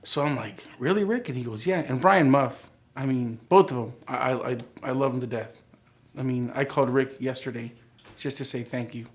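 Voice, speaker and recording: A man in his forties tells his own story in an easygoing, conversational way. He voices the people he quotes with lively jumps in tone, then drops back to a quieter, reflective voice. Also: mid-range voice, normal speed. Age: 40s. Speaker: interviewee sharing his life story. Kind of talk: relaxed storytelling interview.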